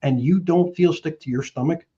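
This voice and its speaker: Middle-aged man, husky, mellow tone, emphatic storyteller, muffled lo-fi call audio. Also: a little high, normal speed. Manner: emphatic storyteller, acts out both sides of phone calls. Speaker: guest, mortgage professional. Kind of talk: animated sales coaching talk.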